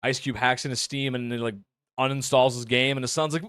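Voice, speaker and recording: A man's voice: medium pitch, steady tone, fairly quick, fairly bright tone, smooth, dry recording, clean studio sound. A man ranting casually about a movie he disliked, rambling with lots of filler, swearing and sarcasm. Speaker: movie reviewer. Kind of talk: casual movie review rant.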